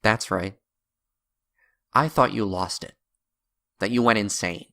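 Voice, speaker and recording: A man's voice: fairly low pitch, slow pace, bright, forceful tone, heavily acted. A man voicing an agitated adult man who angrily accuses his friend, his voice rising as he rants. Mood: heated.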